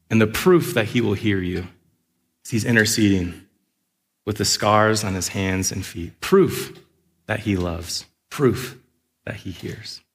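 A man in his thirties preaching as a pastor, earnest, with playful acted asides. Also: mid-range voice. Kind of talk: sermon. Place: church sanctuary. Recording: long reverb of a large hall.

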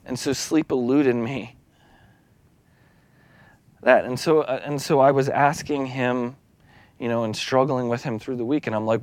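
A man's voice: medium pitch, fairly even intonation, unhurried, pauses often, no room sound. A man preaching a sermon as a lay leader, speaking candidly and confessionally, with restarts and small laughs.

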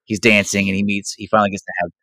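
A man co-hosting a casual movie chat, animated, acting out quotes from the film. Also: lowish voice, rapid-fire, no echo, poor audio. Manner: animated, acts out quotes in a raised voice. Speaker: podcast co-host.

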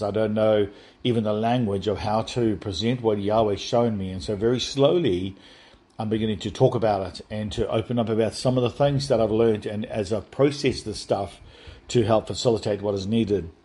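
Husky-voiced man telling a testimony. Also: fairly low pitch, a little mellow. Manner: halting, with frequent restarts and repeated words; earnest, addresses listeners directly. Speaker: speaker sharing a personal spiritual testimony. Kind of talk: rambling first-person testimony.

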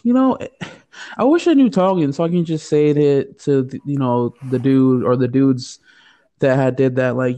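A woman's voice: rumbling low, moderate pace, warm tone. A woman from the United States co-hosting a podcast, telling a story in casual chat, profane and often laughing. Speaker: podcast co-host.

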